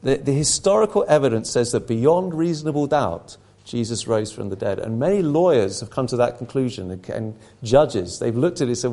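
A man's voice: mid-range voice, lively intonation, a little fast, hardly any pauses, warm tone. A middle-aged man preaching a sermon, emphatic, his intensity rising and falling.

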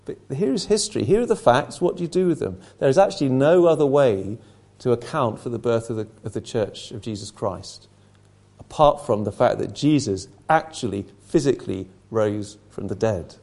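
A man's voice: mid-range voice, lively intonation, normal speed, gravelly, darkish tone. A middle-aged man preaching a sermon, emphatic, his intensity rising and falling.

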